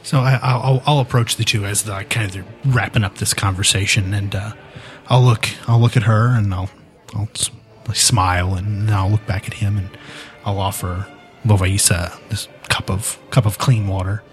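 Guy playing a tabletop rpg, measured, kinda theatrical, low voice. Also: fairly even intonation, soft background music. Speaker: player. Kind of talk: tabletop role-play.

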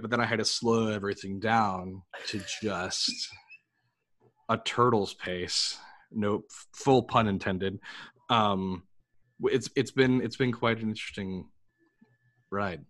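A man from New York, a guest on a podcast, telling stories in an animated, casual way with frequent restarts. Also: lowish voice, a little slow. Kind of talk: casual interview chat.

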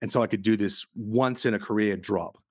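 A man's voice: fairly low pitch, a little fast, dry recording, studio quality. A man hosting a podcast, telling vivid anecdotes in casual chat with some swearing. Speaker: podcast host.

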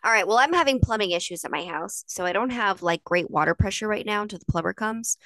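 A woman's voice: mid-range voice, lively intonation, fast talker, no room sound. Playful female podcast co-host. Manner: warm, playful, affectionate toward listeners. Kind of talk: casual chat.

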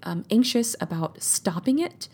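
A woman coach in her thirties giving a gentle, reassuring teaching talk and often checking in with "right?". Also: medium pitch, sing-song, measured pace, breathy edge.

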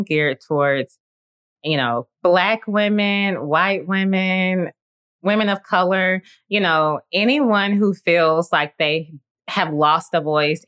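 A low, fairly bright voice with a clear, resonant quality belongs to a woman in her late twenties. She hosts a solo podcast about faith and speaks in an earnest, reflective, encouraging way, leaning often on "like" and "you know."

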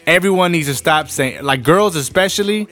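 A man's voice: on the high side, moderate pace, faint music behind. A young man from ranting bluntly and profanely in casual chat, telling stories with lots of energy. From Rio Grande Valley, Texas. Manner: blunt, profane, animated storytelling. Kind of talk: casual rant to camera.

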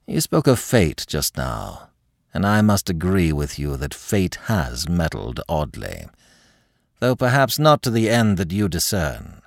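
A deep, icy marquis, as a man reads him aloud, clipped and menacing. The voice sits low and swings with feeling. It is recorded dry and close. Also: dry recording. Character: cold, desperate aristocrat marquis.

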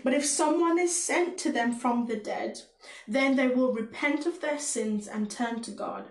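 A man's voice: extremely high pitch, a little slow, vocal fry, exaggerated voice. A woman reading as a tormented rich man, Caribbean accent. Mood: pleading. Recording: roomy echo.

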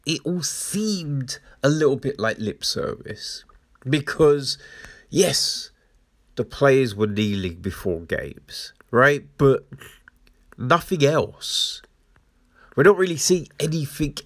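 A man, hosting a podcast in a rambling, profane, animated monologue while his nose is blocked. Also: medium pitch, drawn-out words, long pauses, dry recording, clean studio sound. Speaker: podcast host. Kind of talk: casual storytelling monologue.

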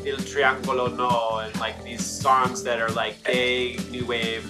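A man's voice: medium pitch, a little slow. Man, casual co-host, laid-back, laughs a lot, music underneath. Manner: relaxed, chatty, laughs easily. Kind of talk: casual chat about music.

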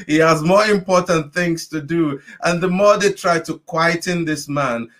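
Guy preaching real slow, leading a prayer, repeats lines over and over. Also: a little high, fairly bright tone. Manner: repetitive, exhorting, rhythmic preaching cadence. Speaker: pastor leading an online prayer meeting. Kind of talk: sermon with prayer.

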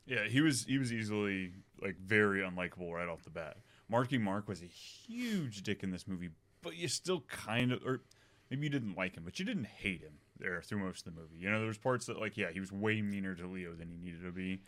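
A man's voice: deep voice, expressive, brisk, fairly bright tone. A man co-hosting a casual movie podcast, enthusiastic and opinionated about the film. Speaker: podcast co-host.

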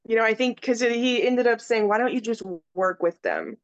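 A woman's voice: a little high, normal speed, dry recording, highs cut off. A woman co-hosting a film podcast, chatting casually and hesitantly, trailing off with "um"s. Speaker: podcast co-host.

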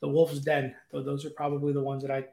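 A man's voice: mid-range voice, completely flat delivery, quick pace, gravelly, dark tone, echoey room. A man chatting casually as a podcast guest, talking eagerly and rambling with fillers. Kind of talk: casual chat. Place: room at home with guitars.

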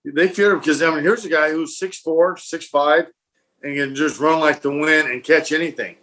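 A man with a slightly high voice tells old football stories as a guest. He talks casually and playfully, acting out the voices of the people in his stories. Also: normal speed. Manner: animated, acts out quotes and laughs. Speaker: former football punter, guest. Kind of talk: casual storytelling.

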